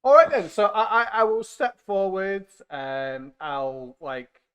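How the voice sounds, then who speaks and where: A man's voice: sits high, slow pace, fairly bright tone, clean tone, lo-fi sound. A man playing in a tabletop game, hesitant and often restarting his sentences. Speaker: player. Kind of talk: casual tabletop play.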